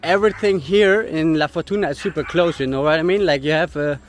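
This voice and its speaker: A man's voice: a little high, brisk, soft background music. Breathless man vlogging on a hiking trail. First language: German. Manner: chatty, laughs often, swears casually. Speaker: travel vlogger. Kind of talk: casual travel vlog.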